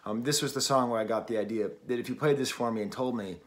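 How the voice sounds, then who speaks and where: A man's voice: mid-range voice, fast talker. A man from New England giving a casual, wry album review at home, often laughing at himself. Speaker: record reviewer. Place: at home, early morning. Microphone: camera mic.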